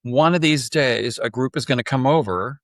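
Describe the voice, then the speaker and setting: A man's voice: mid-range voice, moderate pace, dry recording, studio quality. Wry man chatting on a podcast. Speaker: podcast co-host. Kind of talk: casual chat.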